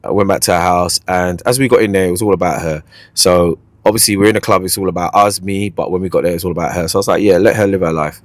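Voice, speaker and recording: Male podcast host, lowish voice, quick playful storyteller, dry close sound. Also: no room sound. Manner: animated, playful storyteller who repeats catchphrases. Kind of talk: casual storytelling chat.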